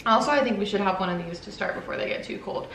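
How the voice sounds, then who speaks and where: A woman's voice: medium pitch, fast, creaky, fairly bright tone. A young woman YouTuber chatting casually while she eats on camera for a mukbang, swearing now and then. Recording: roomy echo, faint background noise.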